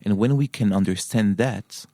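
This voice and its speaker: A man with an Israeli accent speaks in a low voice, talking earnestly as an interview guest. He explains his ideas step by step and keeps checking in with "right?". The sound is dry and close. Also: moderate pace, dark tone, no echo. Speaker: guest scholar. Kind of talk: interview conversation.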